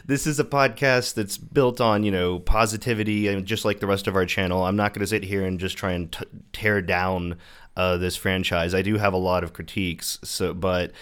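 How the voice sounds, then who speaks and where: A man's voice: low-pitched, steady tone, moderate pace, fairly bright tone, clean tone. A man co-hosting a casual film podcast, talking in an earnest, self-aware way. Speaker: podcast co-host. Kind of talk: casual chat.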